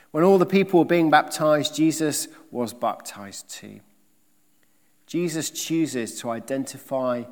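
A man preaching a sermon, emphatic, with rhetorical questions and swings between loud and soft delivery. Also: mid-range voice, in a large hall.

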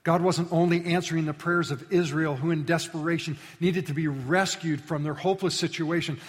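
Male pastor, interactive sermon, animated loud-to-soft delivery, slightly high voice, long hall reverb. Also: a little fast. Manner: animated, sweeps from loud rallying calls to hushed low appeals. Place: church sanctuary.

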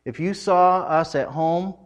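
Give me a middle-aged male preacher with a slightly high voice, telling stories in an animated, laughing way. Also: unhurried. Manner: animated, laughing often, loud acted quotes. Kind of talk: humorous storytelling sermon.

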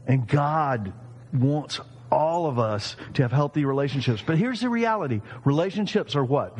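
A man in his fifties preaching a sermon, animated and jokey, acting out quoted voices. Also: medium pitch, big-room sound. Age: 50s. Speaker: pastor.

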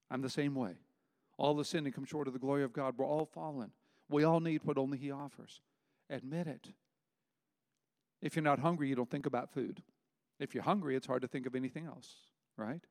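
A man's voice: mid-range voice, moderate pace, pauses often, darkish tone. A man in his sixties preaching a sermon, firing emphatic rhetorical questions and mixing in folksy personal stories. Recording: long reverb of a large hall.

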